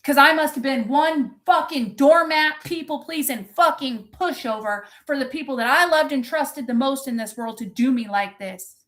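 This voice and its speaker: A motivational coach with a high, slightly bright voice talks at normal speed with few pauses during a live-streamed pep talk. She is impassioned, intense and profane, and she breaks to answer questions from the chat.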